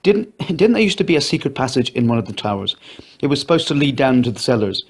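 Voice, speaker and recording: Male reader doing a raised-pitch, tearful, pleading woman for an audio story. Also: sing-song, fast talker, gravelly, slightly rough, exaggerated voice. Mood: urgent.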